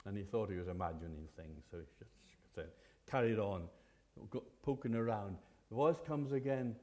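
Male preacher, earnest and chatty, restarts a lot, mellow warm voice. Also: medium pitch, expressive, normal speed. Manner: earnest, conversational, with hesitant restarts. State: occasional cough. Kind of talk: sermon.

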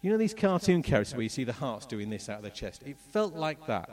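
A man's voice: mid-range voice, fast talker, far from the mic. Man telling his story, heard from afar. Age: middle-aged. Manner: animated storytelling, acts out voices and moments. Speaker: speaker telling his testimony. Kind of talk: personal testimony talk with slides.

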